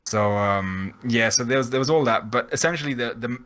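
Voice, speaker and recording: Lively man on a podcast. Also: medium pitch, brisk, poor audio. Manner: animated, acts out characters in quotes. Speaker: podcast host. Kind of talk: casual chat.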